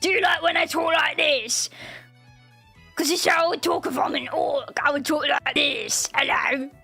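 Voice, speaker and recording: A woman voicing a rowdy, brawling male orc warrior who shouts battle cries in a rough put-on accent. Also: high-pitched, fairly even intonation, moderate pace, soft background music.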